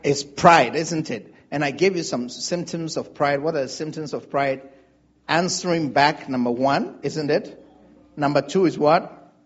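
A man's voice: fairly high pitch, measured pace, dull audio. A male pastor preaching a sermon, drawing call-and-response from the congregation.

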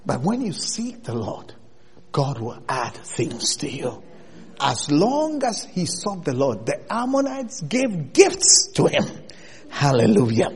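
A man preaching a sermon in an animated way, rising to loud bursts as he presses his points. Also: on the high side, slow pace. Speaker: pastor. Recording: long hall reverb.

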